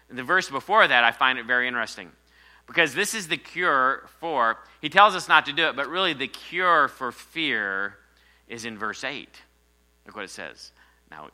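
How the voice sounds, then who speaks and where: A man preaching a sermon, swinging between loud rises and quiet drops and calling for amens. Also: medium pitch. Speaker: pastor.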